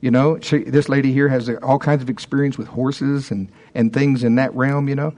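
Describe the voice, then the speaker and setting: Minister in his sixties, casual teaching to a small group; halting delivery with frequent restarts. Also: medium pitch, little pitch movement, a little mellow. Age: 60s. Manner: halting, stops and restarts often, chuckles between thoughts. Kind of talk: informal teaching talk.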